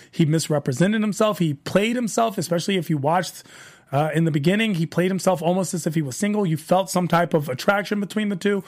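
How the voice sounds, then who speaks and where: High, gravelly man recapping a show. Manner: rambling, repeats phrases, animated retelling. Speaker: TV review show host. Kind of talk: casual episode recap and commentary.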